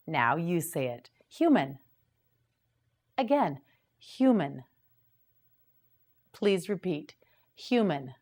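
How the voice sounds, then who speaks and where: Very slow-speaking patient woman teacher. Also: on the low side, darkish tone. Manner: patient, clearly enunciated repetition. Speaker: English teacher. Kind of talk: slow vocabulary drill for beginners.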